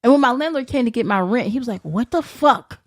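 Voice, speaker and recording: A woman's voice: fairly high pitch, very fast, a little mellow. A woman, a podcast guest, chatting casually and bluntly, telling profane stories, quoting people in their voices and laughing often. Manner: acts out others' lines in quotes. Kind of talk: casual chat.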